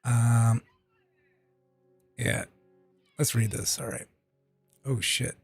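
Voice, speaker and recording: A man's voice: mid-range voice, little pitch movement, drawn-out words, creaky, slightly rough, dry recording, soft background music. A man streaming, reading a technical tutorial aloud and breaking off for casual, profane asides. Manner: reads text aloud with casual asides and swearing.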